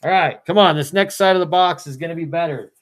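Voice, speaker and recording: A card seller from Missouri hosts a live-stream card break, speaking fast at a medium pitch. He rattles off player names with chatty asides, correcting himself as he goes.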